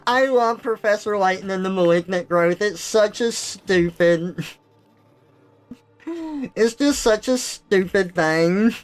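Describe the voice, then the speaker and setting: A woman's voice: mid-range voice, slow, poor audio. A woman streaming live who chats casually and laughs often as she retells jokes. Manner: giggly, animated, retells jokes with voices.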